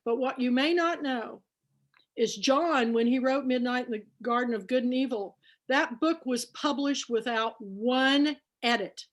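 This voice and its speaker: Hosting a book club on a video call, this Kansas woman talks in a high, unhurried voice. The tone is casual and chatty, and she gets emotional as she recounts conversations.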